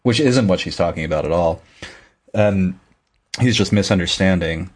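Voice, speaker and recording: A man's voice: deep voice, normal speed, breathy edge. A man casually recapping book chapters on a podcast, rambling and correcting himself as he goes. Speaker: podcast co-host.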